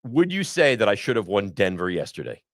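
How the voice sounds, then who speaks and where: A man's voice: lowish voice, sing-song, fairly quick, no room sound, clean studio sound. A man hosting a sports podcast, ranting bluntly and with frustration about his team. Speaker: podcast host. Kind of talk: sports talk.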